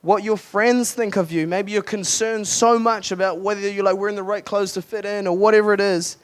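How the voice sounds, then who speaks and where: A man's voice: high-pitched, fairly even intonation, fairly quick, smooth. A young adult man, a youth pastor, giving a casual, earnest sermon at a retreat with lots of restarts and fillers.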